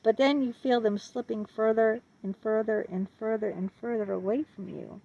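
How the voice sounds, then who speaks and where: A woman's voice: on the high side, steady tone, normal speed, gravelly. A woman giving a personal account in an earnest way, repeating words for emphasis and laughing nervously between phrases. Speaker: vlogger sharing her experience. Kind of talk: personal testimony to camera. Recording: dull lo-fi audio.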